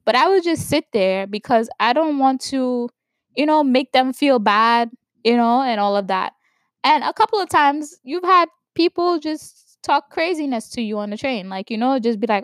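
A woman from New York giving opinion commentary, stressing words slowly and checking in with "right?". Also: sits high, expressive, dry recording. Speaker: vlogger commenting on news.

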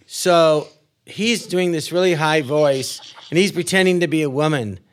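A man who is a comedian, trading sarcastic, deadpan jokes and telling animated stories as a guest. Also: a little high, measured pace. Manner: animated storyteller. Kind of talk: comic banter and storytelling.

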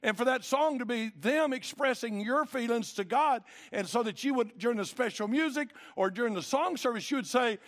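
A man's voice: very high voice, moderate pace, few pauses, fairly bright tone. A middle-aged man preaching a sermon, quoting old-style scripture and telling stories in which he acts out the voices. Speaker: pastor.

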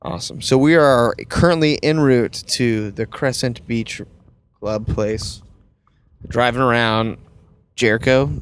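A man from the American South, hosting a casual podcast chat as a wedding photographer and telling lively anecdotes. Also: mid-range voice, slow, clean tone. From Southern United States. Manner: chatty storyteller, acts out voices in anecdotes.

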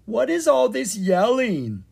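Narrator doing a sleepy princess, slow and confused, husky. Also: medium pitch, huge pitch swings, a little mellow, voice pushed up, heavily acted. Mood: drowsy. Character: drowsy, puzzled young princess.

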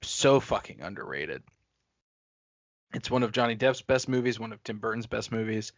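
A man's voice: mid-range voice, little pitch movement, fast, no room sound. A man co-hosting a podcast, talking casually and bluntly about movies, swearing for emphasis. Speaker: podcast co-host. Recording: dry, dull lo-fi podcast audio.

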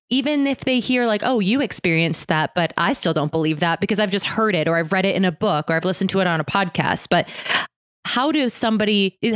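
Woman, podcast host, lower voice, dry close sound. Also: no echo. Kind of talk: casual interview chat.

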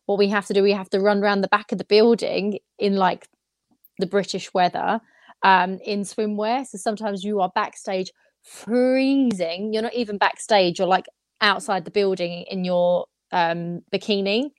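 A woman's voice: mid-range voice, steady tone, normal speed, no room sound. A woman chatting casually as a guest on a podcast, with many ums along the way. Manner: chatty, filler-heavy. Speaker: pageant guest.

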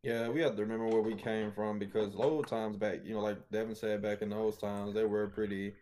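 A man hosting a casual gaming podcast with a fairly low voice. He is laid-back and chatty, telling stories and laughing often as he moves the talk to the next question. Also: level tone, a little fast, mellow, slight background noise. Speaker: podcast host. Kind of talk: casual chat.

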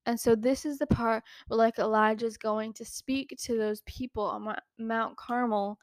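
A woman's voice: on the high side, fairly even intonation, normal speed, no echo, studio quality. A woman hosting a podcast, talking casually about a Bible story, chatty and giggly, with lots of "like" fillers. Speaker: podcast host.

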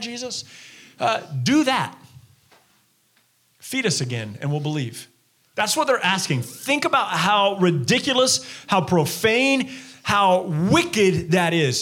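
A man delivering a church sermon with a fairly high-pitched voice. He preaches in a lively, animated way and slips into quoted voices to act out the crowd and Jesus. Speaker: pastor.

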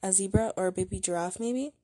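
A woman reading the part of a calm husband and father in a story, speaking in an easy, soothing way. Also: mid-range voice, fast, lightly acted. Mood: offhand. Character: reassuring, slightly dismissive husband and father.

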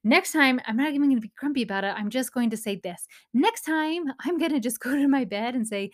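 A woman's voice: fairly high pitch, a little fast, fairly bright tone. A woman in her thirties hosting a parenting talk, speaking in an earnest, encouraging, casual way, with touches of faith. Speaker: parenting podcast host.

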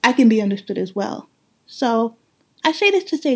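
A woman's voice: on the high side, big pitch swings, moderate pace, breathy edge. A woman host from Brooklyn with a mixed Guyanese and New York accent, talking straight to her listeners in a casual monologue, emphatic and repeating phrases for stress. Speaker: podcast host.

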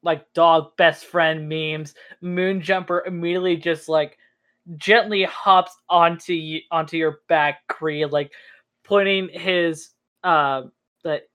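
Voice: medium pitch, fairly even intonation, takes it slowly, a bit bright. A game master narrating a tabletop game in a rambling way, full of fillers.

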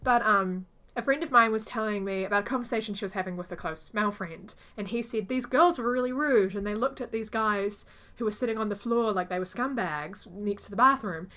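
Speaking a little fast in a mid-range voice, this woman co-hosts an easygoing podcast chat. She tells animated stories and does voices for the people she quotes.

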